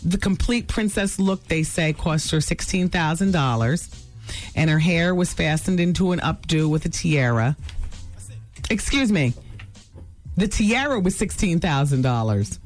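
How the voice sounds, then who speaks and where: A woman's voice: on the low side, lively intonation, a little slow, faint music behind. A woman radio host chatting casually through celebrity gossip, full of asides and self-corrections, in a studio.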